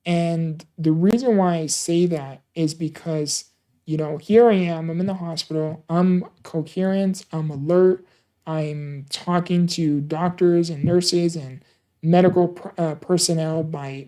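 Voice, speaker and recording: Halting, earnest man telling his story. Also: on the high side, warm tone. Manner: halting, repeats and restarts words; earnest, emotional retelling. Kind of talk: personal storytelling.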